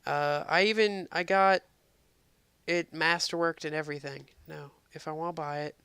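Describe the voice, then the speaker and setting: A man's voice: a little high, fairly even intonation, normal speed, bright, forceful tone, clean tone, no room sound. A man giving casual, rambling gameplay commentary as a game reviewer, exasperated and full of ums.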